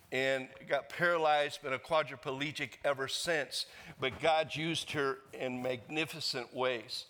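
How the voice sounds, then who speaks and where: A man's voice: on the high side, bright, forceful tone. A man preaching a sermon as the pastor, earnest and leading the congregation in reading aloud. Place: church sanctuary. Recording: long reverb of a church hall.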